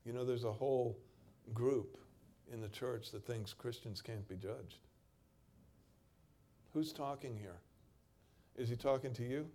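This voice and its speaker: A man preaching a sermon, reading scripture aloud in a dramatic way and moving between loud stretches and quiet emphasis. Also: mid-range voice, unhurried, long pauses.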